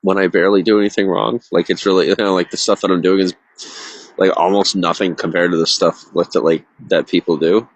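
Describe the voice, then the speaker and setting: Streaming alone to his viewers, a man sounds distressed and close to tears, rambling on with plenty of filler words and cutting himself off. His voice is deep and steady and he talks fairly fast. The audio is dull, with no room sound.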